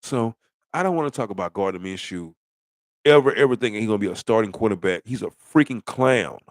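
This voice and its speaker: Middle-aged guy ranting about football, lowish voice, dry close sound, blunt and rambly. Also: expressive, a little fast, dry recording. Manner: blunt, rambling, trash-talking with rhetorical questions. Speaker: sports commentator. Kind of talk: casual sports rant.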